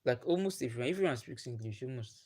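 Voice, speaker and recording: A man's voice: mid-range voice, expressive, fast talker, darkish tone. Chatty Nigerian man on a livestream. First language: Igbo. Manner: chatty, repeats himself, laughs often. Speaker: livestream host. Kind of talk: casual livestream chat with viewers.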